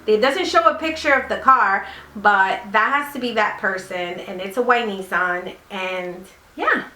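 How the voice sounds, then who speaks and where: Woman, casual storytime vlog, rambling, lots of fillers, mid pitch, echoey room. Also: measured pace, pushed and bright. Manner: chatty, rambling, many fillers. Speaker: vlogger. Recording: roomy echo.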